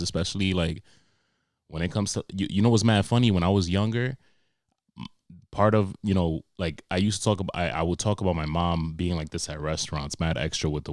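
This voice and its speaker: Profane young New man, deep voice. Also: dry recording, studio quality. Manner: profane, animated storytelling with sarcastic asides. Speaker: podcast host. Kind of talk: comedic monologue.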